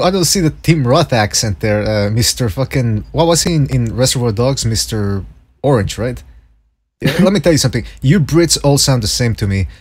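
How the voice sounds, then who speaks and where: A man hosting a loose, casual boxing podcast in a husky, slightly rough voice. He swears a lot and laughs as he talks. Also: mid-range voice. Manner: swears freely, laughs often. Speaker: podcast host.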